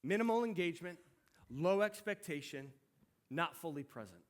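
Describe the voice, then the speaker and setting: A middle-aged man pastor preaching a sermon, telling a story in an animated, conversational way. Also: on the high side, moderate pace.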